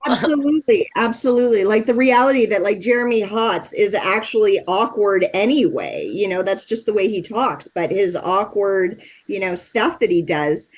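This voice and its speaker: A woman's voice: medium pitch, expressive, normal speed, few pauses. A woman hosting an interview podcast, chatting enthusiastically and gushing, with frequent swearing. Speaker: podcast host. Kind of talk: casual interview chat.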